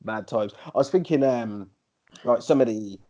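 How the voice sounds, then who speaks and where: A man, co-hosting a podcast and telling animated, slangy stories in casual chat. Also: medium pitch, moderate pace, muffled recording. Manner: animated storyteller, slangy, slips into put-on MC voices. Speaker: podcast co-host.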